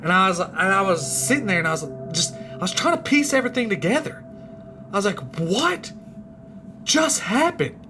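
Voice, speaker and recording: A man's voice: high voice, fast, soft background music. A man telling a true scary story in a casual, rambling way, his voice rising and dropping for suspense. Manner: animated, rambling, voice rises and drops with suspense.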